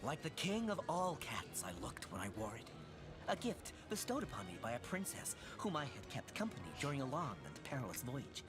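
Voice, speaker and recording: A man's voice: medium pitch, lightly acted. A man voicing a vain, wistful stray tomcat in a video game, speaking in flowery, old-fashioned phrasing.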